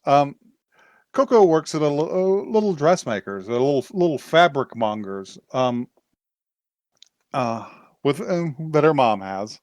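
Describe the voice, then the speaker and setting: A man's voice: on the high side, sing-song, unhurried, a little mellow, no echo. A man hosting a podcast, recapping a show in casual chat and rambling through many fillers and restarts. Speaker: podcast host.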